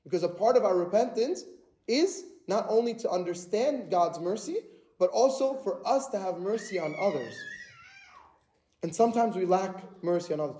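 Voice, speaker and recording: Male preacher, high and mellow voice, earnest repetitive sermon delivery, echoey church. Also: expressive, normal speed.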